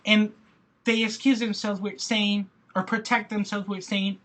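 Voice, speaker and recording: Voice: medium pitch, measured pace, fairly bright tone. A speaker giving a passionate personal video rant who talks in emphatic repetitions and frequent restarts. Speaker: video blogger.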